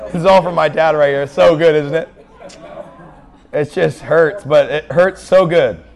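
A man's voice: a little high, measured pace, gravelly, darkish tone, some chatter behind. A man preaching a sermon in a blunt, joking, conversational way, with a faint audience behind him.

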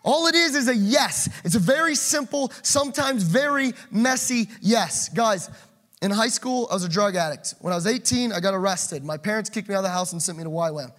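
Brief: high-pitched male preacher, fervent sermon, loud calls then hushed asides. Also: animated, brisk. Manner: passionate, swings from loud urging to quiet asides.

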